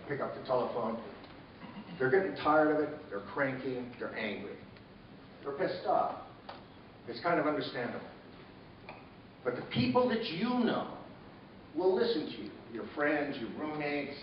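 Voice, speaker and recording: A man's voice: mid-range voice, a little hiss or hum. A man giving a blunt, plain-spoken speech to students at a campus event. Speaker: actor speaking at a campus election event. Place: university ballroom. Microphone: far-off room recording. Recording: echoey ballroom from far off, dull.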